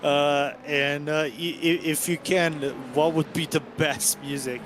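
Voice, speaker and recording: A man giving casual color commentary on a race, halting and hesitant, often searching for his words. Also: a little high, fairly even intonation, background noise.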